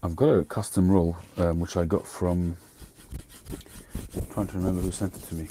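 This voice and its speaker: A man's voice: sits low, fairly even intonation, normal speed, warm tone, husky. A middle-aged man, hosting a casual livestream chat, rambling and drifting off topic as he talks. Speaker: host.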